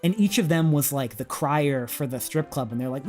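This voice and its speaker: A man's voice: medium pitch, brisk, hardly any pauses, a little mellow. A man streaming, casually telling a rambling story with many fillers and chuckles. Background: faint music.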